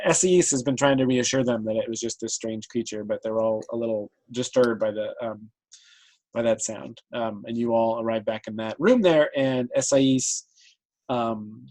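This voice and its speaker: Brief: easygoing male game master, mid-pitched, explains rules, chuckles a lot. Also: moderate pace, poor audio. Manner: relaxed, explanatory, laughs often. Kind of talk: narrating a tabletop game.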